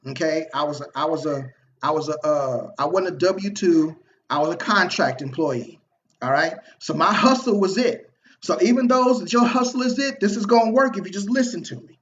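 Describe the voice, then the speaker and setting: Animated storytelling man, muffled audio. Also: high-pitched. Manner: animated, slangy, repeats himself and acts out quoted dialogue. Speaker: online marketing video host. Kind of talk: casual motivational storytelling to viewers.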